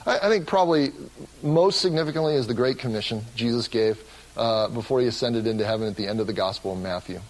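A man's voice: medium pitch, fast, poor audio. A man preaching a sermon as pastor of his church, earnest and often restarting his words. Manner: earnest, with frequent word repeats and restarts.

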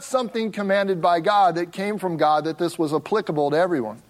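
A man preaching a sermon as pastor, stressing key words slowly and emphatically. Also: high-pitched. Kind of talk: expository sermon.

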